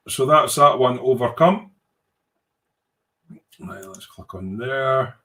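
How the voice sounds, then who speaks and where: A man's voice: mid-range voice, animated, slow, sharp tone. Rambling self-deprecating man hosting a livestream. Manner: rambling and self-deprecating, hums while clicking around; informal British slang and mild swearing. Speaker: livestream host and hobby model maker. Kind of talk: casual livestream chat reading out viewer comments.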